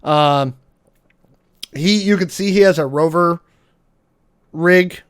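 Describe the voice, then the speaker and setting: Smooth-voiced man running a tabletop game. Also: fairly high pitch, slow, no echo, studio quality. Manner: descriptive, with many fillers. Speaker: game master.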